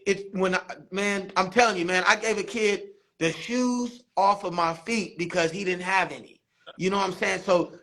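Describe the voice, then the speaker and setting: A man, a barber and basketball coach, telling animated stories in a casual interview, acting out quotes. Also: sits high, creaky. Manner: animated storytelling, laughs often, acts out quotes.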